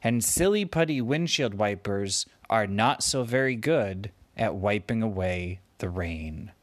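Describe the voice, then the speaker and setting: A man spins an improvised bedtime story slowly and playfully, his voice rising and falling with plenty of movement. He wanders from one silly detail to the next. The sound is close and dry. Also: fairly low pitch, expressive, no room sound. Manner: meandering, gently playful.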